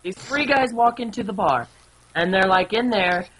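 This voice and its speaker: A woman's voice: medium pitch, moderate pace, fairly bright tone, low-quality recording. A woman casually telling jokes as a gameplay commentator, laughing at her own punchlines.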